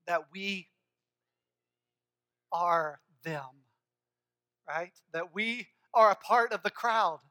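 Bright, high-voiced male preacher. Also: extremely slow, long pauses. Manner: earnest, emphatic preaching with rhythmic repetition. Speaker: pastor. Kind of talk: sermon.

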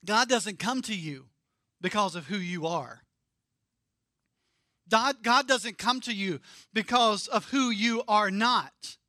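A man preaching a sermon, emphatic and repeating key phrases, sometimes dropping very soft for emphasis. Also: sits high, slow pace, long pauses, dry recording, studio quality. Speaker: pastor.

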